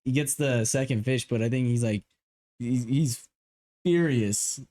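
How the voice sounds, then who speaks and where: A man's voice: medium pitch, fairly even intonation, normal speed, warm tone, faint music behind. Chuckling man chiming in. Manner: chuckling, chiming in with short remarks. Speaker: podcast co-host. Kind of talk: casual film review chat.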